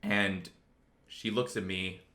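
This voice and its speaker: Rambling young man with a bright voice. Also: low-pitched, level tone, slow pace. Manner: rambling, filler-heavy, lots of "like". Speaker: storytelling video creator. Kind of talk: casual storytime vlog.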